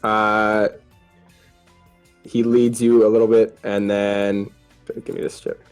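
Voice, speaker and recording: A man's voice: on the low side, level tone, slow, smooth, soft background music. Laughing man narrating as game master. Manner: chuckles often while describing scenes.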